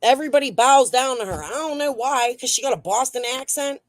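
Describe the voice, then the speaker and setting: A woman's voice: sits high, a little fast, no echo. A woman hosting a casual true crime livestream and reading the chat, talking in a blunt, heated way that is full of swearing.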